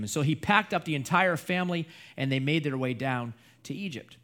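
Storytelling male preacher, slightly high voice. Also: a little fast, hardly any pauses. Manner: lively storytelling retelling a scripture narrative. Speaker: pastor. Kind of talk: sermon.

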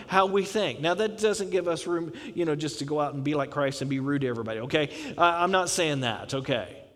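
A man preaching a sermon in a conversational, animated way, often asking rhetorical questions and adding filler phrases. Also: sits high, long reverb tail.

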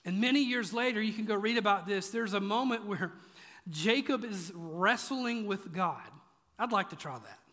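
With lively intonation at a moderate pace, a man preaches in a high, bright, forceful voice. He is a pastor giving a conversational, joking sermon that leans on emphatic repetition, recorded in an echoey church auditorium.

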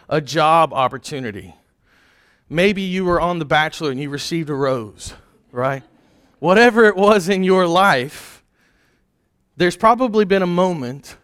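A man's voice: a little high, a bit bright, clear, resonant tone. A man preaching a sermon in a conversational, storytelling way, often checking in with his listeners. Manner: conversational, storytelling with rhetorical "right?". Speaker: pastor.

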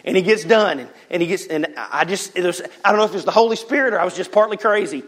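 A man preaching a sermon in a relaxed, conversational way, with a voice that sits a bit higher than most men's. He tells stories with lively energy, throws in joking asides and often restarts a phrase mid-sentence. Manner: animated storyteller with joking asides and quick restarts. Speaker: pastor. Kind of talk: conversational sermon with personal storytelling.

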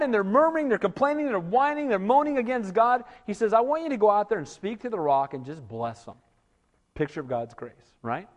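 High-pitched guy preaching, lively, lots of amen? to the crowd, echoey big room. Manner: animated, call-and-response preaching with frequent "Amen?". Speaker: pastor. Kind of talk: sermon.

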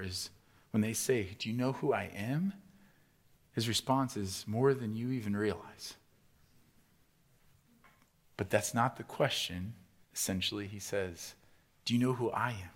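A man preaching a sermon in a conversational way, asking rhetorical questions, swinging between loud, rising emphasis and soft, low delivery. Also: unhurried, pauses often. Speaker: pastor.

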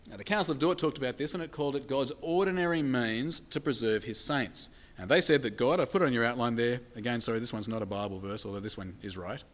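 A man preaching a sermon, emphatic, asking the congregation rhetorical questions and slowing down to stress key points. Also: medium pitch. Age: adult with children.

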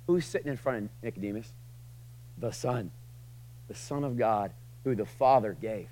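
A man preaching a sermon to a room, casual and joking, swinging from loud passionate lines to quiet asides. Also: on the low side, expressive, normal speed, slight background noise, poor audio. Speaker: pastor.

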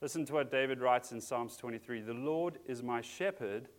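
A man's voice: mid-range voice, normal speed. A man preaching a sermon as a pastor, talking in an earnest, conversational way with frequent restarts.

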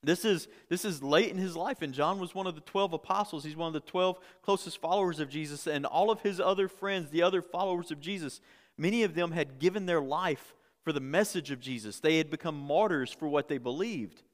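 A man's voice: fairly high pitch, brisk, long reverb tail. A man preaching a sermon in a conversational way, often repeating words and building to emphatic peaks. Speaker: pastor.

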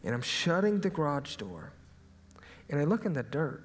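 Storytelling preacher in a reverberant hall. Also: male voice, fairly high pitch, moderate pace, long pauses, a little hiss or hum. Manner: storytelling, animated, drops to hushed asides. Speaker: pastor. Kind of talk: sermon. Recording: hall reverb, faint ambience.

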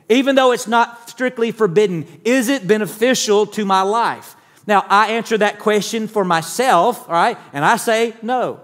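A man's voice: high-pitched, a bit bright, in a large hall. A man preaching a sermon as pastor, conversational, often checking in with his listeners and sometimes restarting words. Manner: conversational preaching, frequent "all right?" check-ins, some stammered restarts.

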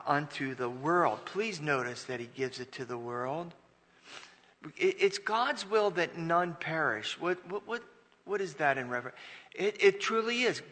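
A male pastor preaching in a church, his bright, fairly high voice carrying a long reverb through the hall. He reads scripture and then pushes into emphatic, rising bursts, often restarting his phrases. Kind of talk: sermon. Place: church sanctuary.

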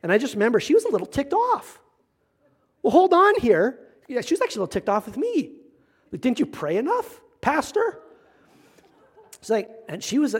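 A middle-aged male pastor giving a conversational, animated sermon, acting out the voices of the people he quotes. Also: high voice, slightly rough.

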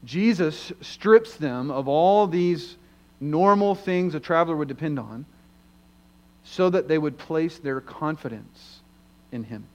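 A man's voice: a little high, animated, slow pace, muffled recording. A man preaching an expository sermon, earnest and emphatic, asking his listeners rhetorical questions.

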